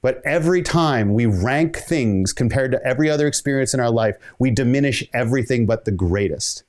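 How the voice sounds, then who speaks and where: A keynote speaker delivers a motivational talk, telling a story conversationally and voicing the dialogue of the people in it. His medium-pitched voice is animated and a little fast.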